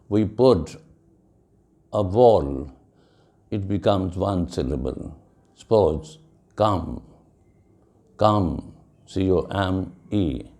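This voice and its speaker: A man teaching a lecture on pronunciation, speaking slowly and deliberately and spelling words out letter by letter. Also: low-pitched, warm tone. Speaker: English teacher. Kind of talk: classroom lecture.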